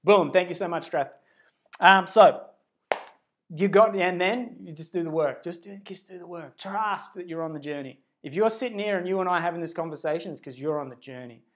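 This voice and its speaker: Man livestreaming a spiritual pep talk into his phone, earnest, rambly, goes hushed then loud, swears pretty freely. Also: high voice, brisk. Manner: blunt and swears casually. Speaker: spiritual self-help speaker. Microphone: phone camera.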